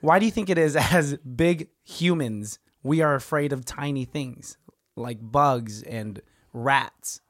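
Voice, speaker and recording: A man with a raspy voice, hosting a casual chat and asking playful, teasing questions. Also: mid-range voice, slow pace, no echo, studio quality.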